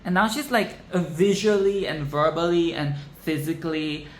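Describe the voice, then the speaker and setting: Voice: mid-range voice, steady tone, moderate pace. A vlogger ranting about a film in casual commentary, swearing, exasperated and repeating phrases for emphasis. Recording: echoey room with faint background noise.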